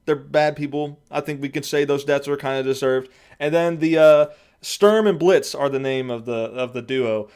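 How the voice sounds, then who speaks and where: A man's voice: medium pitch, normal speed, a little mellow, clean tone. A man giving a casual spoken review, rambling and thinking aloud with lots of fillers and frequent chuckles. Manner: chuckles often while talking. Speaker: comic book reviewer.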